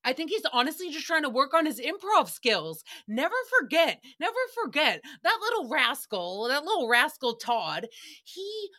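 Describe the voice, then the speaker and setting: Speaking at normal speed in a high-pitched, sing-song, bright voice with a forceful tone, a woman hosts a podcast. Her chatty monologue is a giggly, sassy comedic recap that leaps between voices and rhymes.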